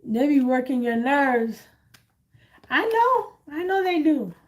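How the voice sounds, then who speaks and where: A woman hosting a casual chat, animated and blunt, laughing often. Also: sits high, takes it slowly. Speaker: host.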